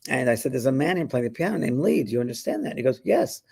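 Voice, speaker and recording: A man with a gravelly, husky voice tells stories in a relaxed chat, slipping into the voices of the people he quotes. His pitch sits in a plain middle range, and he laughs easily as he talks. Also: fast talker. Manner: chatty storyteller, acts out quoted voices, laughs often. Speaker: spiritual medium and show host. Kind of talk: casual chat, anecdotal storytelling.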